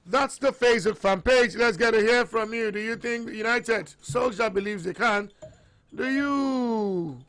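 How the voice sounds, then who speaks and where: A man hosting live sports talk radio, taking callers and reading listener comments aloud in a brisk manner. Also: high voice, a bit bright.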